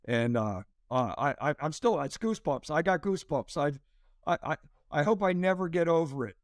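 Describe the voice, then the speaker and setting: Man in his sixties, lively storyteller, slightly high voice, dry sound. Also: normal speed, no echo. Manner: animated storyteller, acts out quotes in a raised voice. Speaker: pastor and comedian, guest. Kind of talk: storytelling interview.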